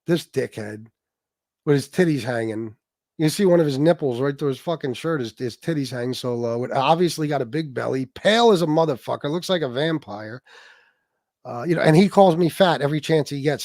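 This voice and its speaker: A man's voice: mid-range voice, brisk, darkish tone, no room sound, studio quality. A man hosting a livestream, ranting angrily and profanely at his critics while reading chat. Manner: profane, aggressive, talks to chat. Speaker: livestream host. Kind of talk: heated livestream rant.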